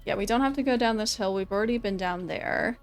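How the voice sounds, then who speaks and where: A woman streamer chatting casually over gameplay, laughing often and repeating herself when excited. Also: medium pitch, fast talker, soft background music.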